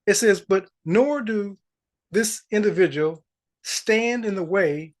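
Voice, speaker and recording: A man who coaches manifestation, giving a motivational spiritual talk and quoting scripture slowly. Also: high voice. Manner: slow, deliberate storytelling, quoting scripture.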